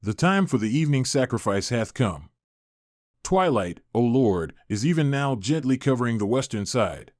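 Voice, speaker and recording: A man's voice: mid-range voice, very animated, moderate pace, a little mellow, no echo, clean studio sound, close to an everyday voice. A man voicing a fearful, devoted wife in an audiobook, pleading in formal archaic speech. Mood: gentle.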